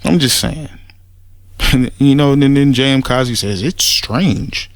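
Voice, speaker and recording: A man with a gravelly, fry-edged voice rants in a casual response video, blunt and heavy on profanity. He restarts and repeats words when he gets worked up, and his delivery sounds dismissive throughout. The recording is dry and close, with no room sound. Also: medium pitch, measured pace, dry recording. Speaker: commentator making a response video. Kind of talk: casual spoken rant.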